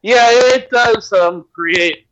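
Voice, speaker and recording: A man's voice: sits high, drawn-out words, a bit bright. A man co-hosting a podcast, making crude, wisecracking asides in casual banter over a dull, lo-fi microphone. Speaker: podcast co-host.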